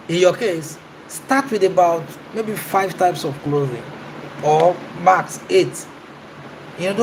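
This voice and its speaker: A man's voice: sits high, a little hiss or hum, rough recording. A man, a business coach giving an emphatic talk and answering his own questions. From Nigeria.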